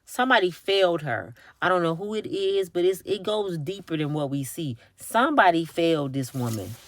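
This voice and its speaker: Talking straight to her viewers from a parked car, this middle-aged woman keeps her casual vlog emphatic though she sounds tired. Her voice is lowish and expressive, at a normal pace.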